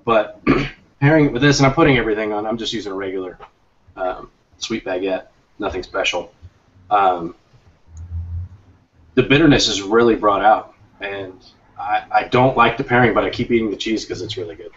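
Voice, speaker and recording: A man co-hosting a casual tasting chat, laid-back and joking, often clearing his throat. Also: lowish voice, normal speed, pauses often, a bit bright, recorded from a distance. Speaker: co-host of a cigar pairing show. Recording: dull lo-fi audio.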